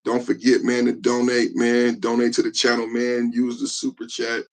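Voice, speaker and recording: Casual joking podcast host. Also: male voice, medium pitch, completely flat delivery, normal speed. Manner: loose, joking, repeats "man" a lot. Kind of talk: casual live-stream chat.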